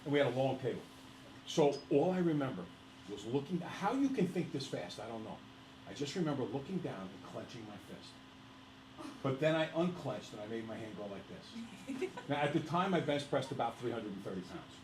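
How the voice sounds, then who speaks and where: A male teacher telling a personal story to his class in a lively, laughing way, speaking to the students directly. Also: medium pitch, fairly quick, echoey room, noisy background.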